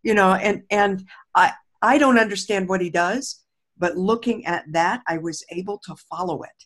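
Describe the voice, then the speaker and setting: A woman's voice: mid-range voice, moderate pace, fairly bright tone. An older woman hosting a casual spiritual talk show, telling heartfelt stories with many restarts and easy laughter. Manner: heartfelt storytelling, frequent restarts, laughs easily. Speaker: host.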